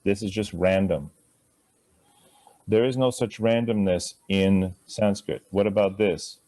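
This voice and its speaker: A man's voice: on the low side, steady tone, a little slow, warm tone. A man teaching a live Sanskrit class, chatty and asking students to repeat sounds after him.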